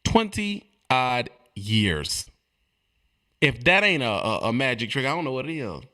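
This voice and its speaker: A man delivering a streetwise comedic rant, animated and repetitive, swinging between loud and quiet. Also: medium pitch, fast. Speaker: comedic ranting monologue.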